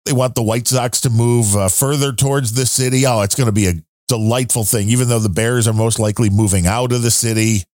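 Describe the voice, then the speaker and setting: A man's voice: mid-range voice, steady tone, brisk, hardly any pauses, darkish tone, dry recording, studio quality. A man hosting a podcast in casual chat, rambling along with fillers and asides. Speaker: podcast host.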